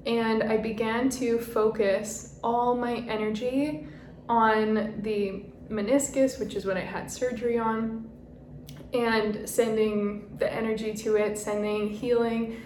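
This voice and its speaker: A woman's voice: medium pitch, a little mellow. Chatty young woman in an echoey room. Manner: chatty, frequent "like" fillers, laughs at herself. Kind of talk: casual personal storytelling. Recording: roomy echo, faint background noise.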